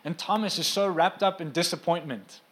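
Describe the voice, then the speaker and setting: Speaking fairly quickly in a voice that sits on the high side, this man delivers a sermon in a relaxed, chatty manner. He throws in asides to his congregation and becomes emphatic when hammering home a point.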